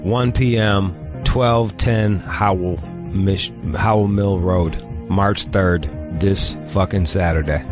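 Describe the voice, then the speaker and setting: Deep-voiced, profane, joking radio host. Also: male voice, fairly even intonation, takes it slowly, over music. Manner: profane, rambling and jokey. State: sick with a stomach ache. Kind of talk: crude casual radio talk.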